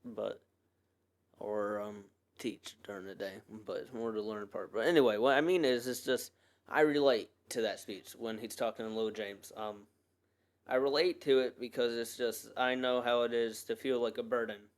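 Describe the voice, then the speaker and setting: A medium-pitched man speaking at normal speed hosts his podcast solo. He talks in a casual, earnest, meandering way, leaning on fillers and restarting often.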